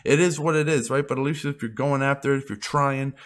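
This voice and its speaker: Young guy vlogging, cussing a lot, blunt and worked up, mid pitch voice. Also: steady tone, a little fast. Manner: blunt, profane, emphatic. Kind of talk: unscripted motivational rant.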